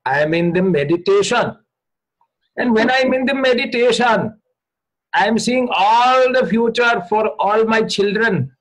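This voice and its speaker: A man putting on a money-grubbing male guru who sermonizes slowly in broken English. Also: high-pitched, a bit bright, full character voice, rough recording.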